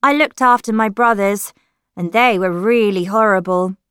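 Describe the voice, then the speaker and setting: A woman reading aloud voices an emotional young girl who pleads and then shouts at her family. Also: mid-range voice, moderate pace, smooth, no echo, clean studio sound, voice pushed up, natural voice. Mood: hopeful. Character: upset young girl meeting her grandfather.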